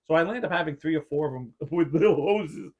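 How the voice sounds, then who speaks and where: The sound is lo-fi, and the podcast host's voice sits on the high side as he talks fast. Chatting casually, he rambles through a lengthy story full of "like," dramatizing how he responded at the time.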